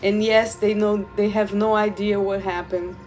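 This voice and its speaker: A woman who guides Reiki, talking slowly and loosely to viewers in a live stream, repeating words and addressing them directly. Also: medium pitch, little pitch movement, a little mellow, faint music behind. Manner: slow, meandering, repeats words, talks to viewers. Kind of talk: live spiritual stream talk.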